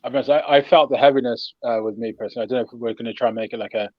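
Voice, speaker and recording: A man's voice: medium pitch, fairly even intonation, very fast, no echo, dull audio. A man co-hosting a casual film podcast, talking earnestly and thoughtfully, laughing often. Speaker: podcast co-host. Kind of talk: casual chat.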